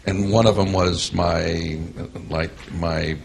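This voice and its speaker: A workshop participant, a man, sharing his experience in a halting way, searching for words. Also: sits low, fairly even intonation, gravelly, a little hiss or hum.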